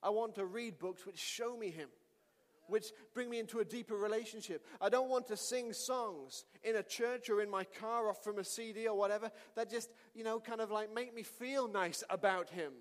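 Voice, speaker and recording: Male pastor, high voice, animated storytelling sermon, long hall reverb. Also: normal speed. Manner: animated storytelling, shouting at climaxes.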